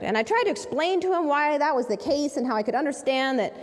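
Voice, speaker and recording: A woman's voice: sits high, animated, quick pace, hardly any pauses. A woman activist and author telling a personal story to an audience, acting out the voices of the people in it. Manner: vivid storyteller, acts out quoted voices. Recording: long hall reverb.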